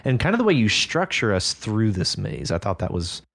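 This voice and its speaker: A man's voice: on the low side, sing-song, normal speed, vocal fry, a bit bright. Chill guy cohosting a story podcast, voice goes up and down a lot, says yeah a ton. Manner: laid-back, agreeable, many fillers. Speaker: podcast co-host. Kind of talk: casual discussion of listener stories.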